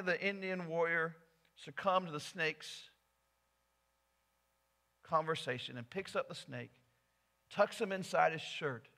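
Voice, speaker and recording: A male pastor preaching a sermon in a church, telling a story earnestly and swinging from soft to loud. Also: sits high. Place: church sanctuary.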